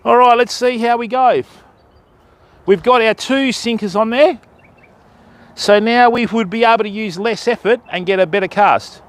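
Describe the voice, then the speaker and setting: A man's voice: very high-pitched, normal speed. A young man with an Australian accent, chatting and joking his way through a live fishing stream outdoors by a river. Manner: joking, matey banter. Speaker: fishing vlogger.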